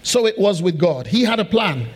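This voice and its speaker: A preacher delivers a sermon in a notably high voice for a man. He repeats phrases for emphasis and keeps checking in with the congregation, pressing each point home. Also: expressive, moderate pace. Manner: emphatic and repetitive, asks the congregation questions. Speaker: pastor.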